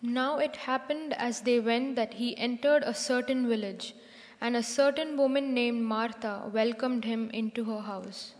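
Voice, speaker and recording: A woman reading a scripture passage aloud in a steady, even way during a church service. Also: on the high side, a little slow. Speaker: scripture reader. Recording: echoey hall.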